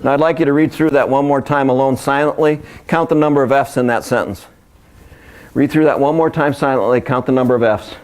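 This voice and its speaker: A man's voice: mid-range voice, fairly even intonation, fairly quick, a little mellow, clean tone. A man giving a live seminar presentation, joking and speaking directly to his audience. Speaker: workshop speaker.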